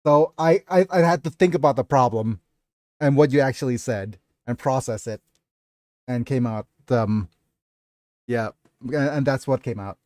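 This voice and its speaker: A man chatting casually on a livestream about his novel, halting and apologetic, with many fillers. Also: medium pitch, a little mellow, no room sound, clean studio sound.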